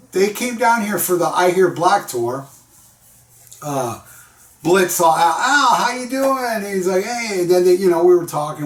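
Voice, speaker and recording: A man's voice: on the high side, roomy sound, distant mic. A man giving a casual, rambling album review in a laid-back storytelling manner, full of slang. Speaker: music vlogger.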